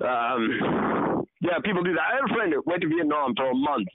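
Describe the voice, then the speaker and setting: A Canadian man co-hosts a podcast, talking casually at a moderate pace in a very animated, creaky voice. He mocks and swears, often doing silly high voices for impressions. The recording sounds tinny and phone-like, with background noise.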